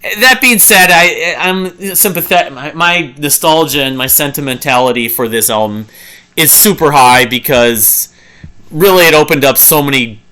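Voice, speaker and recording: Rambling, enthusiastic man with a bright voice. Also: on the high side, moderate pace, clear, resonant tone. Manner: rambling and enthusiastic, many fillers and restarts; hums and sings riffs to illustrate. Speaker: music reviewer. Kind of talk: casual album review monologue.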